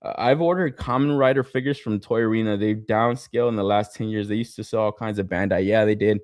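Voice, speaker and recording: A young man from Southern California chatting casually as a podcast co-host, swearing a lot and laughing through animated stories. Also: fairly low pitch, fast, dry recording, studio quality. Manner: profane, laughing, animated storytelling. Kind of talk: casual chat.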